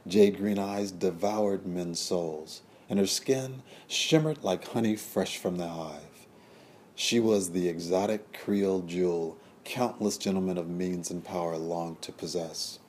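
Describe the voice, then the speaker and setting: A man narrating a period story in a measured, descriptive storytelling manner. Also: deep voice, darkish tone, slight background noise. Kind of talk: scripted audiobook narration.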